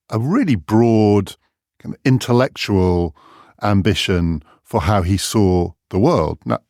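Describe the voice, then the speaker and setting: A man's voice: lowish voice, darkish tone, dry recording, studio quality. A man co-hosting a podcast, talking in a thoughtful, reflective way. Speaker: podcast co-host. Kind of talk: conversational discussion.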